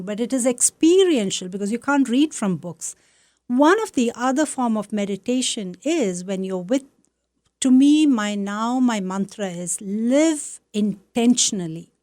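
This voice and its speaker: A woman's voice: fairly high pitch, a little mellow, no room sound. Encouraging woman from South India. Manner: affirming, encouraging, teacherly. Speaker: Buddhist nun, guest. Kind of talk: conversational interview.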